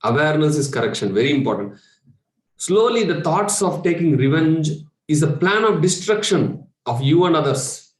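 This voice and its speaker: A man's voice: a little high, big pitch swings, normal speed. A man with an Indian English accent, giving a spiritual workshop talk as a meditation coach, speaking conversationally with rhetorical questions and chuckles. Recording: echoey room.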